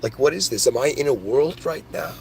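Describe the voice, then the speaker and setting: A man hosting his own podcast, rambling excitedly through spiritual ideas in a casual monologue, full of "dude" and "like". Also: medium pitch, a little fast, gravelly, slight background noise. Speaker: podcast host.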